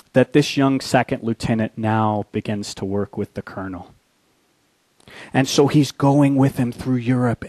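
A man preaching a sermon, reading scripture and telling a war story, swinging from hushed and slow to loud and urgent. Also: medium pitch, no echo. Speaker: pastor.

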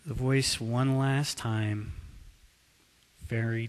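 A man preaching a sermon as a pastor, telling a story with drawn-out emphasis. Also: high-pitched, animated, bright, forceful tone. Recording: long hall reverb.

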